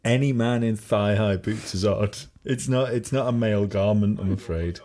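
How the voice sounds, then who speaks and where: A man co-hosting a podcast in a casual chat as he watches a film. His voice sits on the low side, and he rambles through wry, joking musings. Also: normal speed, warm tone. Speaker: podcast co-host.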